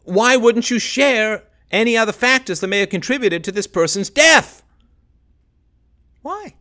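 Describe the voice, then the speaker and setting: A man's voice: high voice, moderate pace, pushed and bright. A middle-aged man hosting a solo livestream, reading news aloud and picking at it with sarcastic, exasperated rhetorical questions. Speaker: livestream host.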